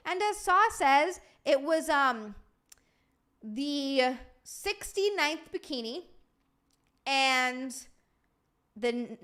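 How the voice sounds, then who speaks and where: A woman hosting a livestream, rambling warmly through thank-yous, tired from lack of sleep. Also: sits high, lively intonation, extremely slow, long pauses. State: sleep-deprived. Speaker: livestream host. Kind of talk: casual stream sign-off chat.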